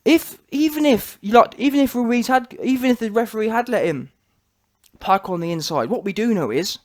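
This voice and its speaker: A man with a high voice rants emphatically about a fight, hammering his points with rhetorical questions and repetition. It is a one-man opinion piece from a channel host. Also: expressive, moderate pace. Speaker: boxing commentator on his own channel. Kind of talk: opinionated reaction rant.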